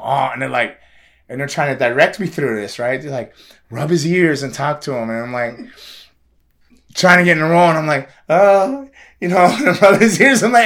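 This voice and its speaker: A man's voice: mid-range voice, gravelly, fairly bright tone. A man telling a long, rambling story in casual conversation, often repeating words and laughing. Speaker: guest telling a film extra story.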